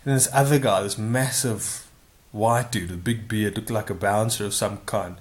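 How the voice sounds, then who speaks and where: A man's voice: lowish voice, fairly even intonation, normal speed. A man casually telling a long personal anecdote, rambling and correcting himself with frequent asides. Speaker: storyteller.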